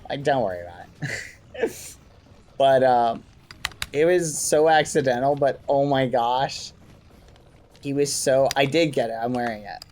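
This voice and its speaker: Chatting casually with his stream audience while gaming at home, a man avoids swearing by using mild exclamations. His medium-pitched voice is unhurried and a little mellow, with frequent pauses. Slight background noise and keyboard typing can be heard.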